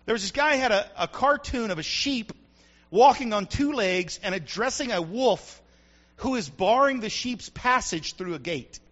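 Male pastor, high bright voice, fervent sermon that swells into shouts, dull lo-fi church recording. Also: lively intonation, moderate pace. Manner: preaching with rising fervor, shouting at peaks.

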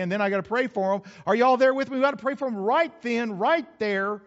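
A man preaching in a folksy, talkative way, voice pitched high for a man. He drops into playful acted asides to make his points, and the recording sounds a bit muffled. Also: quick pace. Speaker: pastor. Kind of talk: sermon.

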